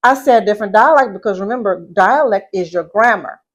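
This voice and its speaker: A middle-aged woman from Southeast Louisiana with a Southern accent, teaching etiquette and speech in a deliberate way, repeating points and asking the listener questions. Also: medium pitch. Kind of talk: instructional talk.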